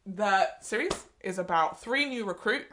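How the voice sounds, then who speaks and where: Animated, playful woman co-host. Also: mid-range voice, moderate pace, slight background noise. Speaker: podcast co-host. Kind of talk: casual chat.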